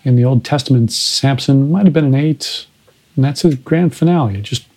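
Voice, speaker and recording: A man's voice: mid-range voice, moderate pace, darkish tone, breathy edge, poor audio. A man hosting a podcast, analyzing films in a conversational way. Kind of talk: casual film discussion.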